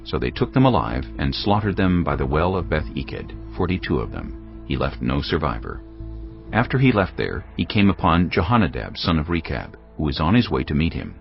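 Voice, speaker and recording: Very deep gravelly male narrator. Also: sing-song. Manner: dramatic, measured storytelling. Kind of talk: scripted scripture narration. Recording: dull lo-fi with background music.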